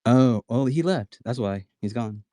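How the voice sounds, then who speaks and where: A man hosting a casual online voice chat who makes quick, teasing remarks. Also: mid-range voice, expressive, mellow, no echo, clean studio sound. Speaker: host of the chat.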